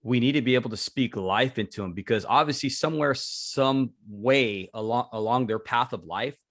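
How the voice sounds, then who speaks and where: Soft-spoken man hosting a podcast. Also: mid-range voice, moderate pace, no room sound, clean studio sound. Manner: soft-spoken, affirming, with fillers. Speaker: podcast host. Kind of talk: casual interview chat.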